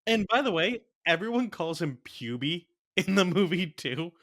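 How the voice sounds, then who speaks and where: A man's voice: high-pitched, very animated, moderate pace, fairly bright tone. A young adult man co-hosting a podcast, casually and incredulously retelling scenes from a bad movie. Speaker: podcast co-host. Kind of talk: casual movie review chat.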